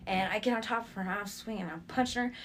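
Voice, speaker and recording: A woman's voice: mid-range voice, quick pace, a little hiss or hum. A woman sharing her life testimony as a guest, telling stories in a casual, streetwise way and acting out the voices of people she quotes. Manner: animated, acts out quoted voices; streetwise slang. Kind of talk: casual storytelling.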